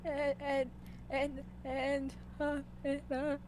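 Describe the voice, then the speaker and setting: A woman voicing a timid, nervous young female dryad who stammers softly, in a tabletop role-play. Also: high-pitched, expressive, takes it slowly, a little hiss or hum, full character voice. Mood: shy. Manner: stammering, hesitant, soft.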